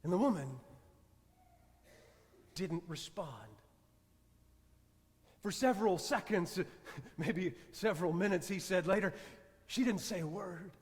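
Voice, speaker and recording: A man, a priest, preaching a sermon and telling a story in a soft, measured way with long pauses. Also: sits high, big-room sound.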